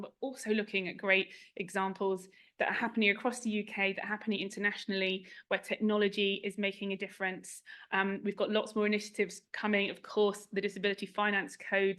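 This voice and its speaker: A woman's voice: medium pitch, a bit bright. Woman chairing a launch, chatty and informal, rattling through thanks. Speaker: review chair giving closing thanks. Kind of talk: event speech. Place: event room at a launch.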